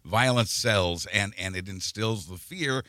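A man's voice: fairly low pitch, unhurried, sharp tone, no echo, studio quality. A man co-hosting a political podcast, talking emphatically and often repeating words as he builds a point. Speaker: podcast co-host. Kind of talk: casual political chat.

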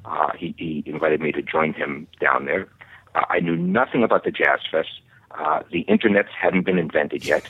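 A middle-aged man from the Boston area, a guest calling in, halting with many restarts and dry humor. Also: extremely low pitch, steady tone, husky, dry recording. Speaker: guest caller. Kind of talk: casual chat over phone. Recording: tinny phone line.

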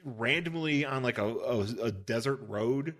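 A man's voice: mid-range voice, measured pace, fairly bright tone. A man co-hosting a podcast, retelling a cartoon plot in a crude, joking, meandering way. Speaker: podcast co-host. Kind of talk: casual chat recapping a cartoon.

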